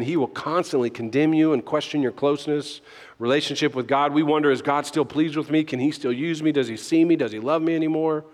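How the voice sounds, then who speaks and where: A man's voice: a little high, long reverb tail. A man with a Southern US accent preaching a sermon as pastor, urging the crowd to answer back and tossing in playful asides.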